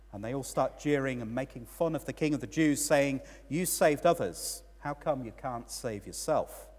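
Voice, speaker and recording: A man's voice: medium pitch, a little mellow. A man giving a sermon as a priest, telling a story with rising and falling emphasis. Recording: long church reverb.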